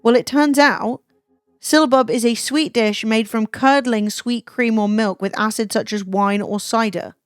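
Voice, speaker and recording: A woman's voice: on the high side, a little slow, clean tone, no room sound, studio quality. A young English woman streaming, chatting casually with lots of swearing and joking asides. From England. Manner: swears freely, animated and jokey. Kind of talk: casual chat.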